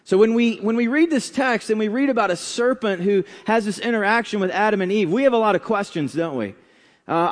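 A man preaching a sermon in a conversational way, with asides and pauses, in a church sanctuary. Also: sits high, long reverb tail. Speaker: pastor.

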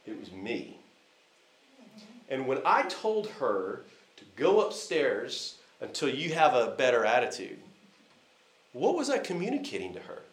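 A man's voice: medium pitch, wildly swooping pitch, unhurried, long pauses. Guy preaching in an echoey church hall, bouncy up and down voice, lots of uh and restarts. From United States. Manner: conversational, lots of fillers and restarts. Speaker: visiting preacher. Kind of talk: sermon with personal story.

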